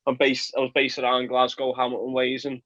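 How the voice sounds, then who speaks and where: A man's voice: medium pitch, monotone, brisk, a bit bright, muffled recording. A young man from Liverpool with a Liverpool accent, chatting casually in an interview as a football player, laughing often and repeating words. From England, Liverpool.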